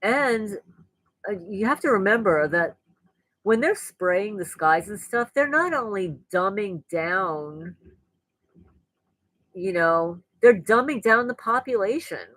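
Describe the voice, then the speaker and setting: A woman's voice: mid-range voice, lively intonation, a little slow, a bit bright, no room sound, rough recording. Blunt, rambling woman with a dry sound. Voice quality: voice no longer sweet, rougher than before. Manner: frank, rambling, laughs at her own jokes; angry and blunt. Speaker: channel host. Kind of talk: casual monologue to viewers.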